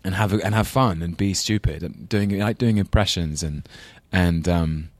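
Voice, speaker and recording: A man with a low voice and an English London accent muses at length, stopping and restarting his sentences. He laughs easily and pokes fun at himself. The sound is dry and close. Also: moderate pace, no echo. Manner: thoughtful, rambling, self-deprecating, laughs often. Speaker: actor guest. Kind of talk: casual interview chat.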